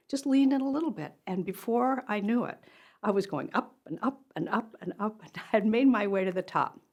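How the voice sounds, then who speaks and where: A woman's voice: fairly low pitch, darkish tone. An older woman, a motivational speaker, telling a personal story straight to camera in an earnest, conversational way.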